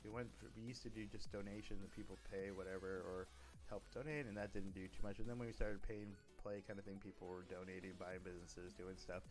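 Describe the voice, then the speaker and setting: A man's voice: sits low, steady tone, quick pace, soft background music. A man streaming, talking casually about running a role-play server, rambling with frequent restarts and self-corrections. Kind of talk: casual livestream talk.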